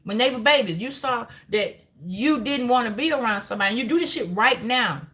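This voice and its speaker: Bright-voiced woman, profane and preachy. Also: fairly high pitch, lively intonation, fairly quick. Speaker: tarot reader. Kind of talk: live-stream tarot reading.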